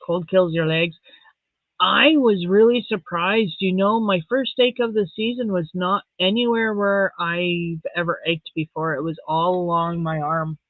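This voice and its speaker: A woman's voice: fairly low pitch, steady tone, a little slow, no echo. Chatty middle-aged woman, tinny sound. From Saskatchewan, Canada. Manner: chatty, reads viewer comments aloud, soft and emotional. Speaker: live-stream host. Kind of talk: casual live-stream chat. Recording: tinny phone-like dry sound.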